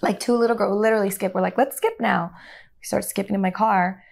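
Middle-aged actress guest, animated anecdote teller, playful with quoted lines. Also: female voice, mid-range voice, racing, gravelly. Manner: animated, acts out quoted dialogue, laughs often. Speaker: actor guest. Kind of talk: casual storytelling interview.

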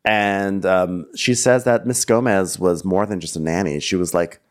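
A man co-hosting a podcast, chatting casually and recapping a reality show, breaking into playful voices. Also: normal speed. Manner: animated, acts out squeaky impressions. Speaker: podcast co-host.

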